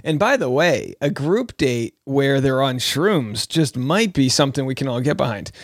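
A man's voice: medium pitch, sing-song, normal speed, no echo, studio quality. A man hosting a podcast, chatting casually and joking between played clips. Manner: joking, chatty, lots of asides. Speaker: podcast host.

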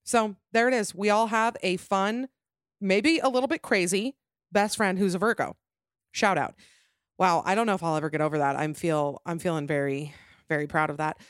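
A young woman hosting a podcast, chatting casually and gossipy with quick self-mocking asides. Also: on the low side, clean tone, no room sound, studio quality. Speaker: podcast host. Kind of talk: casual chat.

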